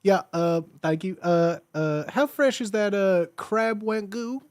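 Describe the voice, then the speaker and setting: A man voicing a flustered, polite grown man with a Southern American accent, stumbling over a fast-food order. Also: high voice, a little mellow, smooth, no echo. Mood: sheepish. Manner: hesitant, stumbling over menu words.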